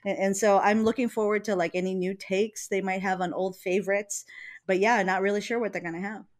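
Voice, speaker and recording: A woman's voice: medium pitch, fairly even intonation, fairly quick. A woman from Hawaii co-hosting a local events chat, giggly and playful with puns. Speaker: co-host of a local events segment. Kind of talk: casual chat.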